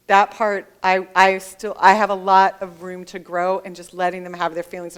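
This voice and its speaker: Smooth-voiced woman telling lively stories. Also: on the low side. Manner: animated storyteller who acts out quoted dialogue. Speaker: author guest. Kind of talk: conversational interview at a library event. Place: library author event.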